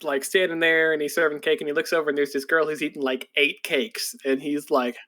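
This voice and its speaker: A man's voice: level tone, fairly quick, pushed and bright. A man co-hosting a podcast, casually retelling an anime plot in a rambling way, full of "like"s, and now and then slipping into breathless character voices. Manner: rambling, filler-heavy storytelling with many "like"s; jumps into breathless, high-pitched voices when quoting characters. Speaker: podcast co-host.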